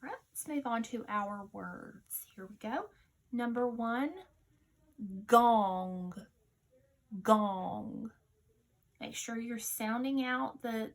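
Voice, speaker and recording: A woman teacher leading a recorded phonics dictation lesson, sounding out each word slowly and deliberately. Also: on the high side, vocal fry.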